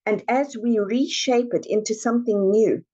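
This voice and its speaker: A woman coach speaks earnestly in a podcast interview, acting out the voices people hear in their heads. Her tone is mellow and a little husky. The recording sounds slightly muffled and lo-fi. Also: a little high, normal speed. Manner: earnest, emphatic, acts out clients' inner voices. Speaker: executive coach.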